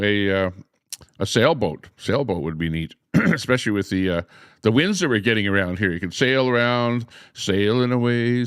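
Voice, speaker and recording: A man with a lowish, smooth voice hosts a casual livestream from outdoors beside some trees. His talk wanders loosely, full of pauses and filler words, and the sound is dry with little room echo. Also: fairly bright tone. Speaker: livestream host. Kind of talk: rambling casual livestream chat.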